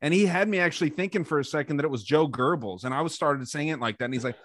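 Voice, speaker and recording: A man's voice: fairly high pitch, racing, a bit bright, no echo. Joking man on a podcast, dry sound. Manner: joking, retells comedy bits. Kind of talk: casual chat.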